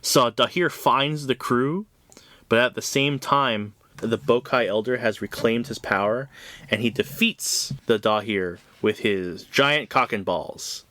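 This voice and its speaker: A man's voice: medium pitch, measured pace, sharp tone, dry recording. Casual man recapping a comic book. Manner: loose, profane plot recap with many "like"s. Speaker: podcast co-host.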